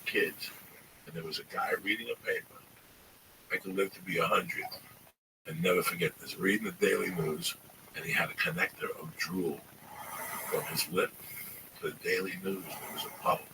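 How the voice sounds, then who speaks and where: A man in his fifties from New Jersey, telling profane stories in an animated, emphatic way. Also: low-pitched, moderate pace, vocal fry, pauses often, recorded from a distance, noisy background. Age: 50s. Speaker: comedian guest. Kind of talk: casual storytelling.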